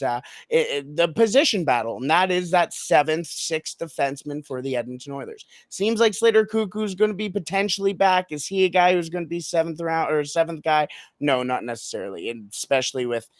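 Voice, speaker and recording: Żywy, roześmiany mężczyzna w podcaście sportowym, suchy dźwięk. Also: male voice, a little high, dry recording, clean studio sound. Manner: animated storyteller, laughs often, dramatic pauses. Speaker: podcast guest, team analyst. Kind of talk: casual sports podcast chat.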